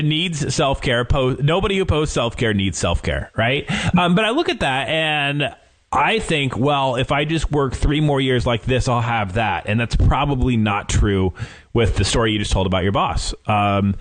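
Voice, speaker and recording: A man's voice: mid-range voice, lively intonation, normal speed. A young man hosting a casual podcast, talking in a rambling way with lots of fillers. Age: young adult. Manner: rambling, many fillers and restarts. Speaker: podcast host.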